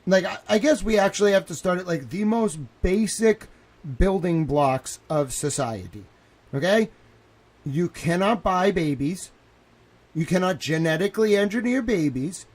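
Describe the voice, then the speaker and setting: A man with a slightly high voice, ranting on a stream. He swings from low, muttered asides to loud, heated outbursts and laughs often. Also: measured pace. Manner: animated, swings between muttering and shouting. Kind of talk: casual rant.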